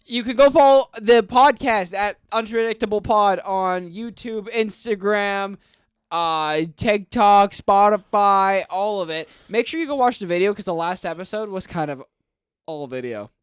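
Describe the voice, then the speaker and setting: A man's voice: high voice, a little slow, smooth, no room sound, clean studio sound. A young man co-hosting a podcast, bantering casually, swearing freely and laughing often. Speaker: podcast co-host.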